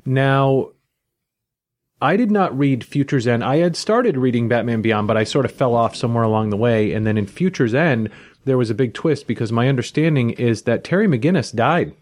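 A man's voice: mid-range voice, normal speed, darkish tone. A man co-hosting a comic book podcast, introducing the next book by listing its creators before summarizing it. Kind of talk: casual comic review chat.

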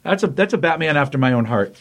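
A man's voice: a little high, expressive, fast talker. A man hosting a casual podcast, retelling a comic book plot with rambling enthusiasm and lots of fillers. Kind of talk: casual chat recapping a comic.

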